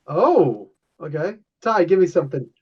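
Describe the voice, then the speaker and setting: A man's voice: a little high, sing-song, moderate pace, breathy edge. A man acting as game master, explaining the rules loosely and laughing often. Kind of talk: running a tabletop game. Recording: dull lo-fi sound.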